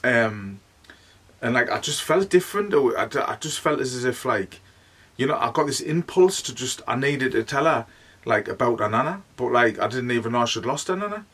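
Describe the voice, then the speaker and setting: A man's voice: mid-range voice, lively intonation, normal speed, fairly bright tone, distant mic. A man with a Northeast English accent, telling his story as a medium in a rambling, chatty way, with "like" all through. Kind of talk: casual storytelling monologue.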